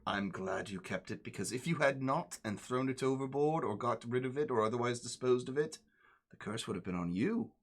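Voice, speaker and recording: A man's voice: mid-range voice, expressive, a little fast, pitched above the performer's own voice. A man voicing a roguish, shameless male sea captain with a put-on British-tinged accent and sly muttered asides. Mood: explaining.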